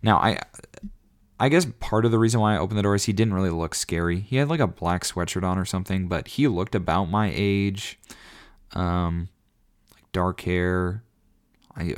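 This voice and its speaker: Young male vlogger, lowish voice, chatty rambling storyteller with animated asides. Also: normal speed. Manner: animated, rambling, lots of fillers and laughs. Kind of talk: casual storytelling.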